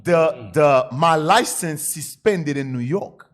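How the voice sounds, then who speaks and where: A man telling an animated story in casual radio talk, often laughing and acting out what others said. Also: on the high side, slow pace. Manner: animated, laughing, acts out quotes. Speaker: guest storyteller.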